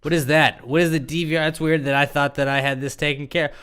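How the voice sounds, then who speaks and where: A man co-hosting a podcast, chatting casually and telling animated, profane stories. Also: a little high, fast talker, clear, resonant tone. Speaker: podcast co-host. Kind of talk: casual chat.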